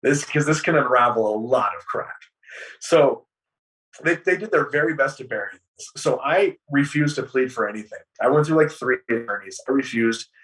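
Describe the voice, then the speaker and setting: A man guest on an interview show, telling his story in an animated, profane way and acting out the dialogue. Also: medium pitch, moderate pace, distant mic, rough recording.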